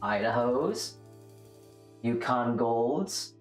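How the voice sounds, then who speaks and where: A woman's voice: a bass voice, lively intonation, very slow, soft background music. A woman streamer chatting casually and rambling, joking at her own expense while reacting to chat. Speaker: livestreamer. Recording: roomy echo.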